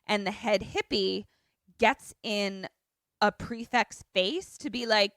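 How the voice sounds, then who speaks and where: A woman co-hosting a podcast, recapping a film with lively, loose storytelling and acted-out quotes. She swears freely and speaks at a medium pitch. The sound is dry and close. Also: slow, dry recording. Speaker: podcast co-host. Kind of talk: casual movie recap chat.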